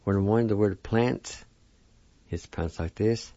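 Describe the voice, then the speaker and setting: A man with a deep, dark voice teaches vocabulary at a slow, patient pace, spelling words out letter by letter and saying each one again and again. The recording is dry and dull, like an old lo-fi radio broadcast. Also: dry recording. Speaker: language teacher on a radio program.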